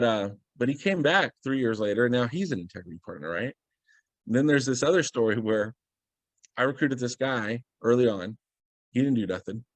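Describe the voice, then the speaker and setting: A man with a medium-pitched voice tells a story energetically as a guest on a video call, acting out what people said. The audio has no room sound.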